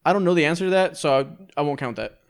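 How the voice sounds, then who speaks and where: A man's voice: fairly high pitch, expressive, smooth. Young man hosting casual sports banter. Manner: joking, quick banter. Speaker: podcast co-host running the quiz.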